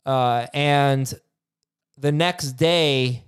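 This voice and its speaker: A man hosting a fantasy football podcast, chatting casually with halting restarts and reading listener emails aloud. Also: mid-range voice, clean tone. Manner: halting, many restarts, reads questions aloud. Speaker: podcast host.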